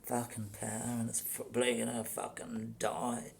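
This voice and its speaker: Very deep gravelly woman, whispering and swearing. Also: level tone, moderate pace, darkish tone, a little hiss or hum. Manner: swears constantly, grumbling and exasperated. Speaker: vlogger reading history pages aloud. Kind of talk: muttered reading aloud with running commentary.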